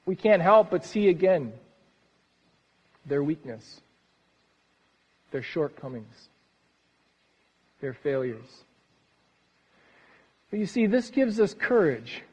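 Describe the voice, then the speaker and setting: A man preaching a sermon as pastor, earnest and lively, often dropping soft at the ends of phrases. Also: high-pitched. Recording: reverberant hall, dull sound.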